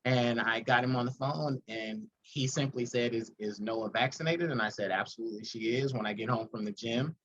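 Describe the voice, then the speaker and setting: A man's voice: medium pitch, normal speed, few pauses, lo-fi sound, a little hiss or hum. A man hosting a podcast in casual chat, telling a story earnestly and acting out the people in it. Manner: storytelling, earnest, animated retellings. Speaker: podcast host.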